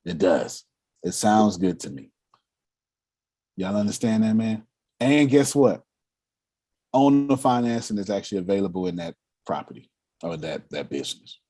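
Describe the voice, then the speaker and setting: A man leading a motivational meeting on money and cash flow, animated and laughing as he acts out quotes. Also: fairly low pitch. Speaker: finance coach leading a meeting. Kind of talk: motivational talk.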